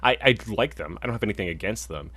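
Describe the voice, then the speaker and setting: A man's voice: fairly low pitch, lively intonation, fast talker, a bit bright, husky, no echo. A young man co-hosting a video game podcast, chatting casually and rambling with lots of restarts. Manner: rambling, many fillers and restarts. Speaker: podcast co-host. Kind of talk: casual chat.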